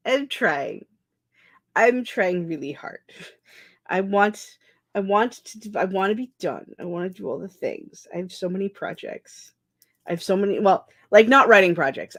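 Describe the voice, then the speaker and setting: A young woman chatting casually on a writing livestream, reading chat aloud and often restarting her sentences. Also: mid-range voice. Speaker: streamer hosting a writing session.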